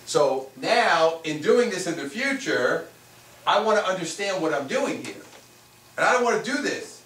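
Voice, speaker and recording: A man's voice: high voice, very animated, moderate pace, a bit bright. A man teaching a workshop to a live audience as a spiritual teacher, repeating his points and asking rhetorical questions. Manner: repetitive, asks rhetorical questions. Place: room with a small live audience. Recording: echoey room, mic far off, faint noise.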